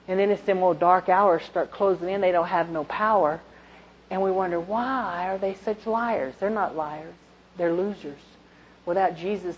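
A woman giving her testimony in a sermon, telling her story in a plain-spoken, colloquial and emphatic way. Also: lowish voice. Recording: dull lo-fi recording with faint noise.

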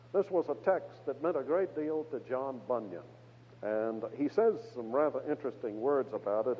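A man preaching an expository sermon, measured and emphatic when he quotes scripture, with a husky voice. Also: medium pitch. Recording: reverberant hall on a tinny, narrow-band radio broadcast.

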